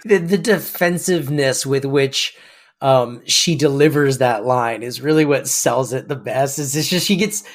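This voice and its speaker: A podcast co-host chatting casually, rambling and correcting themself as they get excited. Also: medium pitch, measured pace. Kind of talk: casual chat.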